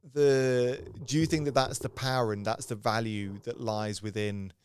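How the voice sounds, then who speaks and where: A man hosting a sales podcast, agreeing often and asking open questions in a relaxed chat. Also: medium pitch, normal speed, a little hiss or hum. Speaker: podcast host. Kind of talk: casual conversational interview.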